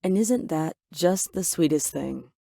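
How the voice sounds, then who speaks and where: A woman narrating a first-person story in an even, measured way, voicing the quoted lines herself. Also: low-pitched, gravelly, dry recording, studio quality.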